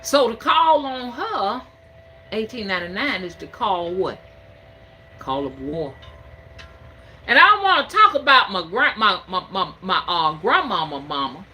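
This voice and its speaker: A Southern woman over fifty talks to camera as a spiritual reader, folksy and emphatic. Her bright voice swings widely in pitch and moves at an unhurried pace. A faint noise sits under her voice. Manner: folksy, emphatic, preaching cadence. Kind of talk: casual talk to camera.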